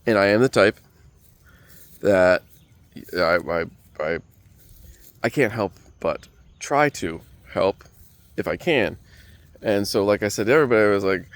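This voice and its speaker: A man's voice: lowish voice, animated, measured pace, pauses often, no echo. Rambling, digressive comedic storyteller man. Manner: digressive, profane, self-mocking.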